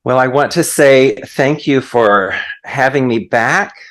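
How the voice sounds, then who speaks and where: A man's voice: mid-range voice, takes it slowly, a bit bright. Storytelling man preaching a sermon. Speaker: guest minister.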